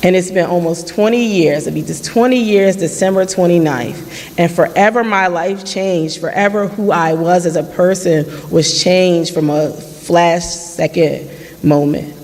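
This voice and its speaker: At a community forum in a church hall, a person in their late thirties gives an earnest personal testimony, reenacting past conversations in their own voice. The voice is medium-pitched and somewhat dark, the pace a little slow, and the recording carries the hall's long reverb.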